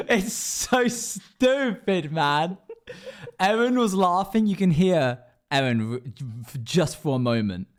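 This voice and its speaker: Lively, emotional male streamer. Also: sits high, slow. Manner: emotional, rambling, reacting to chat. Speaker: streamer and dungeon master. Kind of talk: casual livestream chat.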